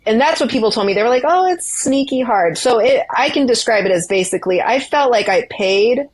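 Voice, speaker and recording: A woman's voice: on the high side, fast, husky. A woman guest telling running stories in a casual interview, chatty and often laughing. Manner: chatty storytelling, frequent laughter. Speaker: guest, ultra runner.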